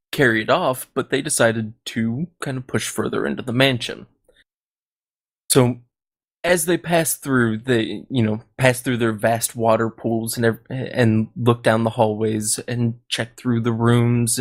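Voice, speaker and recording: A man narrating a comedic tabletop story as game master, halting and laughing at his own jokes. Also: mid-range voice.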